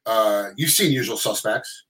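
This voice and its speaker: A middle-aged man telling stories in casual chat, animated and acting out quotes in other voices. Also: lowish voice, measured pace, poor audio.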